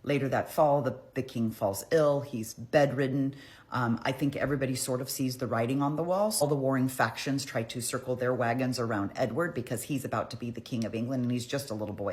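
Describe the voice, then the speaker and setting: A woman's voice: rumbling low, darkish tone. A woman telling a history story in a casual, irreverent, profane, chatty way.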